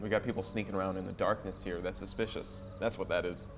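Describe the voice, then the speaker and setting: A man voicing a gruff, suspicious male merchant who blusters and shouts in alarm. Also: sits low, fairly even intonation, fast talker, noisy background. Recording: background music under voices.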